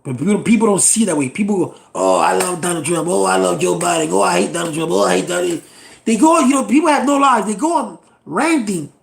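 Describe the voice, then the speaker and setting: A middle-aged man from the United States rants about politics to his viewers. His voice sits high for a man and has a gravelly rasp. He talks bluntly, sounds exasperated and swears freely. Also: reverberant. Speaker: channel host. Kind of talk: political rant to camera.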